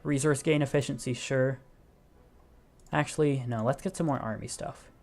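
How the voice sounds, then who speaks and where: A man's voice: mid-range voice, steady tone, normal speed, darkish tone, faint music behind. A young man casually commentating his strategy game, thinking aloud and explaining as he clicks, often correcting himself. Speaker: gaming video host.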